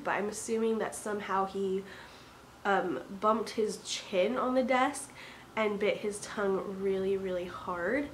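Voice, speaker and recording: Young woman, stay-at-home mom, casual vlog storytelling, earnest and chatty, lots of fillers, faint background hiss. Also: mid-range voice. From Oregon.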